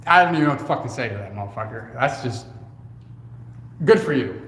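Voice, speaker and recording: A man's voice: medium pitch, lively intonation, a little fast, a bit bright. A man with a mid-range voice co-hosts a laid-back livestream, reading comments and joking back at them. He talks loosely and swears casually. The sound rings through an echoey room with a long reverb tail and faint background noise. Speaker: co-host.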